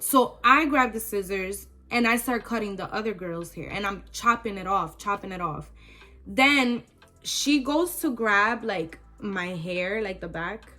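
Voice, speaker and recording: A woman's voice: mid-range voice, animated, a little slow, pushed and bright, faint music behind. A young woman vlogger telling a personal story in casual, emotional talk with many fillers.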